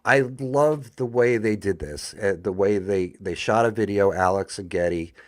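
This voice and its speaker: Deep-voiced man, an eager podcast guest. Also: normal speed, no echo. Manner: candid and enthusiastic, with filler words. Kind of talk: casual conversational podcast.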